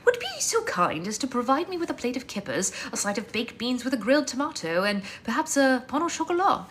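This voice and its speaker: A woman's voice: sits high, big pitch swings, brisk, fairly bright tone, slight background noise, pitched above the performer's own voice. A woman voicing a pompous young man posing as a prince, with a put-on British accent and fussy, overly formal speech. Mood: posh, fussy.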